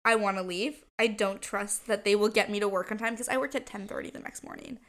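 A woman's voice: mid-range voice, a little fast, fairly bright tone. A young woman, co-hosting a podcast and telling a story in casual chat, candid and laughing as she acts out what people said. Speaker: podcast co-host.

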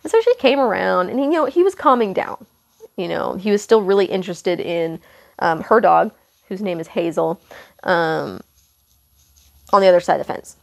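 A young woman hosts a podcast and tells a casual, meandering story, backtracking and correcting herself as she goes. Her pitch rises and falls a lot, and a gravelly fry runs under her voice. She fills her pauses with loose asides. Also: expressive. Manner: rambling, self-correcting, lots of fillers and asides. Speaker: podcast host.

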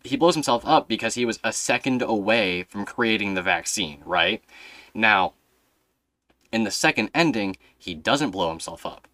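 A young man hosting a casual podcast chat, telling stories in a rambling, animated way with plenty of fillers. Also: on the low side, no echo. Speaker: podcast host.

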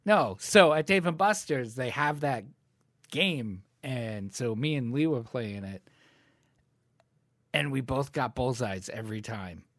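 A man's voice: mid-range voice, animated, unhurried, a bit bright, dry recording. A man co-hosting a podcast, telling stories in a rambling casual way with lots of fillers and frequent laughs. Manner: rambling storyteller, laughs often, many fillers. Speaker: podcast co-host. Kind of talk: casual chat.

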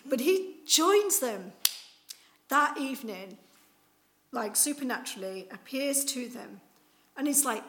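Woman preaching with lively storytelling. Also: high-pitched, slow, long pauses, rough recording. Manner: casual, chatty with fillers like "like" and "you know". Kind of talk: conversational Easter sermon.

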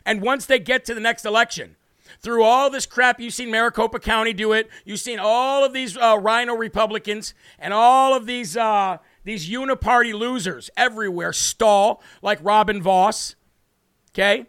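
Hosting his political livestream from a home studio with the city visible behind him, this American man is brash and emphatic, reading out viewer comments and stressing key words hard. The voice sits high and a bit bright at normal speed, studio quality, clean-toned, with no room sound.

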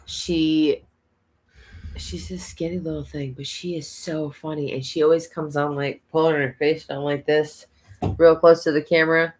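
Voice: medium pitch, little pitch movement, moderate pace. A podcast co-host in casual chat, laid-back and chatty, often laughing.

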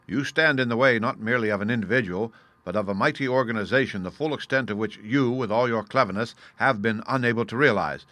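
An adult man voicing a soft-spoken, precise and menacing older criminal mastermind in an audiobook reading. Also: medium pitch, quick pace, no room sound, natural voice.

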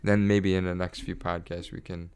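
A man's voice: deep voice, little pitch movement, moderate pace, a little mellow, smooth. An American man co-hosting a podcast, chatting casually in a rambling way with restarts and laughs. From United States. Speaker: podcast co-host. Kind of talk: casual chat.

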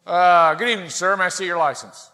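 Brief: man voicing a bland, polite highway cop, bright tone, echoey sanctuary. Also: steady tone, fast. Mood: routine polite. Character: calm middle-aged male traffic cop, polite. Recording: reverberant church sanctuary.

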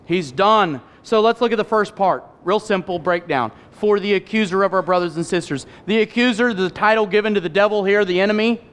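A middle-aged male pastor giving an animated sermon, acting out voices and making candid personal asides. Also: sits high, fairly quick, few pauses, clear, resonant tone. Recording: hall reverb.

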